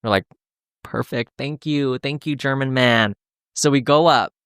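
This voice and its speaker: A podcast host spins a story in a loose, chatty way, jumping into quoted voices and cursing often. The voice sits at a middling pitch and is recorded close and dry, with no room sound. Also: unhurried, smooth, no echo. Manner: animated, acts out quotes, swears freely. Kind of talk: casual storytelling monologue.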